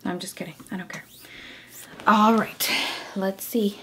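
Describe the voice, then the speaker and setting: Young adult woman, casual vlog, candid, rambling, lots of restarts, mid-pitched voice. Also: steady tone, unhurried, slight background noise. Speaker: vlogger. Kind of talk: casual personal vlog update.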